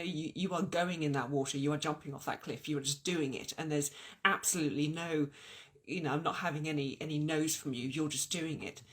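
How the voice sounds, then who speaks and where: A woman giving an earnest, encouraging spiritual talk at an online event. Her voice is going hoarse, and she is animated and often restarts her sentences. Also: low-pitched. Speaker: spiritual teacher.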